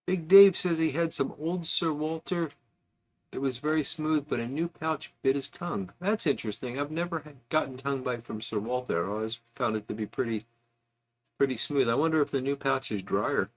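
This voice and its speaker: A man's voice: medium pitch, normal speed. A man hosting a casual livestream, chatting loosely and reading out viewer comments with asides. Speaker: livestream host.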